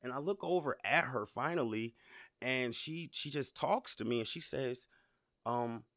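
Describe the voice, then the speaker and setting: A man's voice: medium pitch, normal speed, a bit bright, no echo, clean studio sound. A man from Georgia, hosting a podcast and telling a story to his listeners in a casual, conversational way. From Georgia, USA. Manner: conversational, repeats words, addresses listeners directly. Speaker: podcast host.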